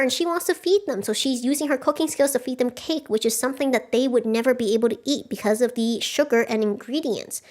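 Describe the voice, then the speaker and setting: A young woman streaming a casual book club, recapping a story in a chatty way, laughing often and acting out the characters' lines. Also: on the high side.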